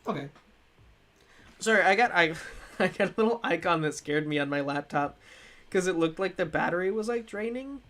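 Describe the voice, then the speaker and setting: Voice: mid-range voice, lively intonation, normal speed, fairly bright tone. A game streamer chatting casually on a live stream, rambling and restarting often and sounding a little stuffy from a cold. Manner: rambling and self-correcting, with frequent restarts and laughs. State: slightly stuffy, coming down with a cold. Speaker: streamer reviewing games.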